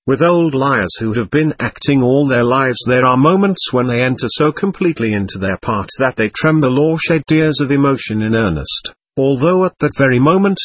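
Husky, expressive male audiobook narrator. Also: mid-range voice, no room sound. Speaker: audiobook reader. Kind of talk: scripted narration.

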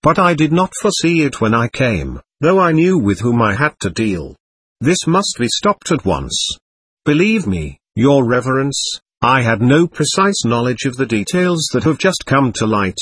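Stiff proud gentleman read by a man, talking hotly, husky and lively. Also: medium pitch, moderate pace, no room sound. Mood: indignant. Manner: speaking hotly.

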